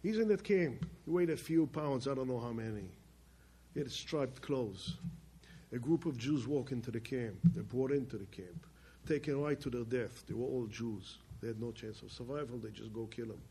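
A man telling a personal story in plainspoken speech, swinging between loud emphatic bursts and quiet low passages. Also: normal speed, a little hiss or hum. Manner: plainspoken, with restarts and loose grammar. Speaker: speaker telling his life story.

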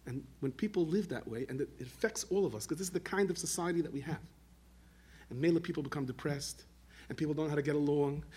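A man giving a storytelling sermon, animated, weaving Yiddish and Hebrew terms into his talk. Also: fairly high pitch, breathy edge. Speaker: rabbi telling stories.

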